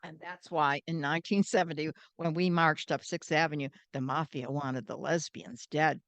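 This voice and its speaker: An older American woman, a guest, telling animated stories and acting out the voices in them. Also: deep voice, normal speed, no room sound. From United States. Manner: animated, acts out quoted voices. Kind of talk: storytelling interview.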